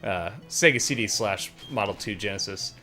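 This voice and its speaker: A man in his thirties chats casually while streaming a retro game. His voice sits low but has a bright, forward edge, and he rambles with plenty of ums. Faint game music plays behind him. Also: normal speed. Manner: relaxed, rambling with many fillers.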